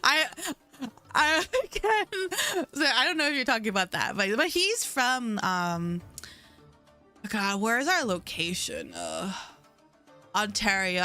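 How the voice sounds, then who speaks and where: A woman's voice: medium pitch, very animated, moderate pace, pushed and bright, smooth, soft background music. A young American woman streaming live, chatting casually with viewers, laughing often and trailing off mid-sentence. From United States.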